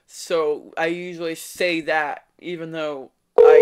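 A woman's voice: low-pitched, flat delivery, takes it slowly, dull audio. A woman making a mocking prank call. She stutters and taunts the person she is talking to. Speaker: prank caller. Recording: noisy background hiss.

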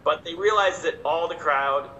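Brief: male comic guest, animated storytelling, slightly high, roomy echo. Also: normal speed, muffled recording, slight background noise. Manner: animated, self-mocking. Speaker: stand-up comedian, guest. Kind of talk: casual storytelling. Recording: echoey room, faint ambience.

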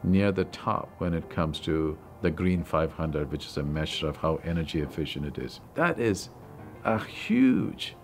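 A man's voice: rumbling low, expressive, unhurried, soft background music. A man, a lab leader, speaking emphatically about the big picture in a documentary interview.

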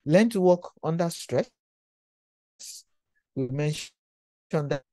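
A man's voice: on the high side, slow pace, mellow, no echo. A man giving an induction lecture to professionals, exhorting them and repeating his key phrases for emphasis.

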